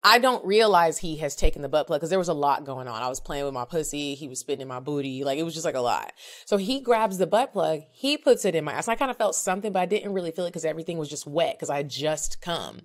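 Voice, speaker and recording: A woman's voice: low voice, lively intonation, fast talker. A woman in her thirties telling a story frankly and with animation on a podcast, acting out both sides of the talk. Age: 30s. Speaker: podcast co-host. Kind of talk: casual storytelling chat.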